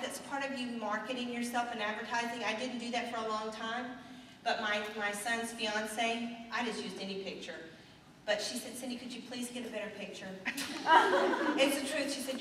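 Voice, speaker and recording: Bright-voiced woman speaking in an echoey hall. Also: a little high, slight background noise. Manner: animated and earnest, addressing the audience directly. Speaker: sales director speaking at a seminar. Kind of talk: motivational seminar talk. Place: large hotel meeting room. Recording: echoey hall recorded from far off.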